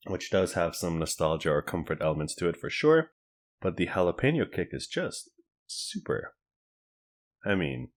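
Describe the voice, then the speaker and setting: A man casually reviewing snack food to camera, chatting and thinking aloud as he cooks and tastes. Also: deep voice. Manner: relaxed, chatty, thinks aloud while cooking and tasting.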